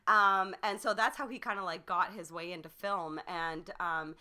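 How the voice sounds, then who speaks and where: A woman's voice: on the low side, normal speed, crowd noise. A woman co-hosting a podcast, chatty and enthusiastic, often laughing. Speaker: podcast co-host. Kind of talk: casual chat.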